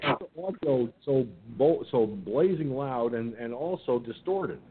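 A man's voice: animated, a little slow, a crowd in the background. An older man hosting an internet radio show, telling a long rambling story about his day with restarts and casual swearing. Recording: muffled phone-line audio with faint rumble.

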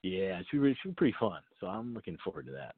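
A man's voice: low-pitched, very animated, rapid-fire, gravelly, slightly rough, no room sound. Rambling man on a tinny phone line. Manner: rambling, chuckling, many fillers and restarts. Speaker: guest, inventor. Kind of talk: casual call-in chat.

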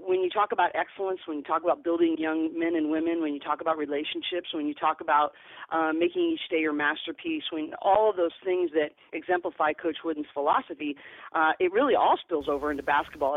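A woman's voice: sits low, brisk, no room sound. Earnest woman coach on a phone line. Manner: earnest, repeats words when starting sentences. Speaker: basketball coach, podcast guest. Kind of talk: storytelling interview answers. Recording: tinny phone line, dry.

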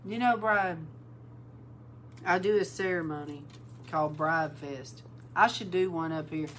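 A woman preaching an informal sermon, calling her listeners bride and repeating words for emphasis, sometimes breaking into loud exclaims. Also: on the low side, a little slow, slight background noise, poor audio.

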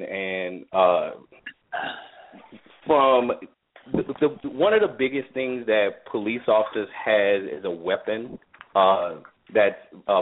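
A man from New Orleans, a former police officer, speaking on a discussion panel, starting his point with halting restarts. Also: lowish voice. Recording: tinny phone-line call audio.

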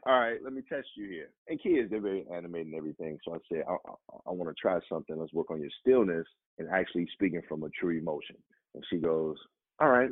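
A man, an actor, telling personal stories in conversation and acting out the voices of the people in them. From Chicago. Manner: animated, acts out quoted voices with sudden pitch jumps. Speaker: actor and guest. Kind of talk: storytelling in conversation. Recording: dry, narrow phone-like sound.

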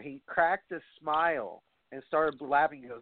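A man hosting a casual podcast chat, excitable and joking, rambling as he talks. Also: mid-range voice, measured pace. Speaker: podcast host. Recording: tinny phone-like line.

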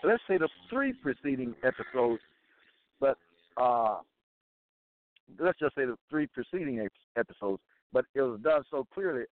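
A man teaching scripture in a deliberate way, reading out verses and repeating set phrases. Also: medium pitch, sing-song, no echo. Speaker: religious teacher. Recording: tinny phone-like line, dry.

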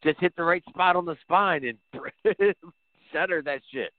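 A man's voice: fairly high pitch, unhurried, dry recording. Male podcast co-host, easygoing and chuckling through the movie talk, phone-like dry audio. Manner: laid-back, laughs often. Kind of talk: casual film discussion.

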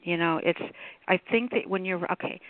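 Over tinny phone-line audio, a female host of a call-in poetry program rambles and chats informally, using many fillers. She speaks at a normal pace with a fairly low pitch, and there's no echo.

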